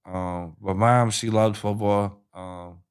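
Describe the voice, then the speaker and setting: Animated, clear-voiced male storyteller. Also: on the low side, slow pace. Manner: animated storyteller, acts out quotes. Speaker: guest, football coach. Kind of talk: casual conversation.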